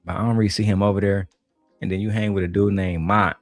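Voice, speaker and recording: Deep-voiced blunt mocking man. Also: little pitch movement, fast talker, dry recording, clean studio sound, faint music behind. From Detroit, USA. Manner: blunt, mocking, heavily profane. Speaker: online commentator reacting to a panel. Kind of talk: profane reaction commentary.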